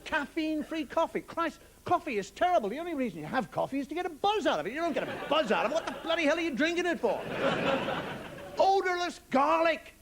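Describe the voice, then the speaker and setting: A man's voice: very high-pitched, very animated, quick pace, fairly bright tone, some chatter behind. An Irish man doing a stand-up routine on television, musing wryly and swearing casually as he talks. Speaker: stand-up comedian. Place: television studio with live audience. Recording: broadcast audio with audience laughter and noise. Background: audience laughter.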